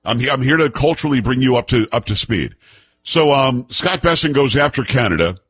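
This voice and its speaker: A man hosting a talk show in casual, joking banter, animated and teasing. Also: medium pitch, a little fast, husky.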